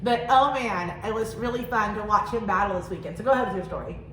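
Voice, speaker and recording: A woman in her thirties co-hosting a family podcast, telling stories in a chatty, animated way. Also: medium pitch, fast talker, reverberant, slight background noise, poor audio. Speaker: podcast co-host. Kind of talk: casual chat.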